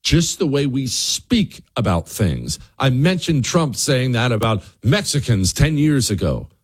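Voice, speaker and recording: A man's voice: mid-range voice, sing-song, a little slow, husky. A man hosting a talk radio show, giving a fired-up monologue and speaking directly to his listeners.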